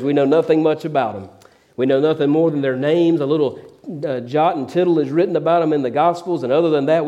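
Mellow-voiced male preacher. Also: fairly high pitch. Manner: preachy storytelling, repeats words when excited. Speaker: pastor. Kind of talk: sermon.

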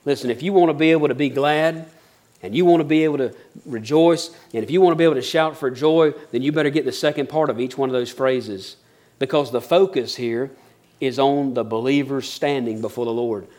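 Delivering a sermon at a brisk clip, a middle-aged pastor mixes homespun stories with earnest, mounting emphasis. He speaks in a mid-range voice with a darkish tone.

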